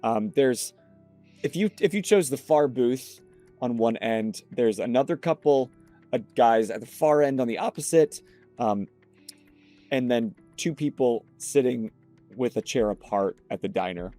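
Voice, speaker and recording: A man running a tabletop game as game master, narrating scenes with unhurried description. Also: medium pitch, animated, warm tone, soft background music.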